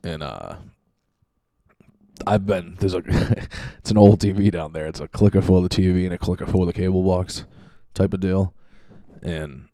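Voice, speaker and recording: A man's voice: sits low, normal speed, long pauses, dark tone, no echo, clean studio sound. A man hosting a podcast, rambling in a casual, profane and self-mocking monologue from his home basement. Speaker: podcast host.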